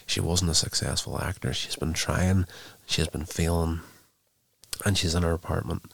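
A man's voice: deep voice, steady tone, moderate pace, creaky. A man casually recapping a TV episode, rambling with lots of fillers and restarts.

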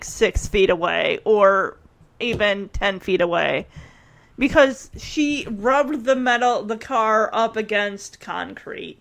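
A woman commenting casually on a TV episode, telling the story in an animated way and acting out the characters. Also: on the high side. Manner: chatty, with many fillers and restarts. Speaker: reaction video host.

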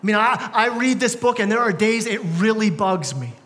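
A man's voice: sits high, animated, normal speed, a bit bright. A young man preaching a sermon as pastor, talking conversationally with casual slang and frequent restarts. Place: church sanctuary. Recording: church hall with long reverb.

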